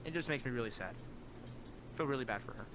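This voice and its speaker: A young man talks in an earnest, rambling way, scattering "like" through his sentences. His pitch sits in an ordinary middle range but shoots up when he acts out his own past words. Clear background noise runs under the voice-chat recording. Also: fast. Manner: earnest, heavy use of "like" fillers, voice jumps up when quoting himself. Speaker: guest. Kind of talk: casual personal storytelling.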